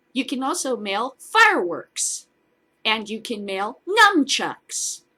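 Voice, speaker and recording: A woman hosts a casual cannabis news commentary show, reading stories aloud and mocking them with sarcastic, swearing asides. Her voice is lowish, with a bright, forceful tone.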